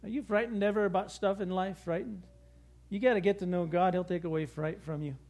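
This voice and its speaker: High-voiced man preaching a lively sermon. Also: a little fast. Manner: storytelling, lively and conversational. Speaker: pastor.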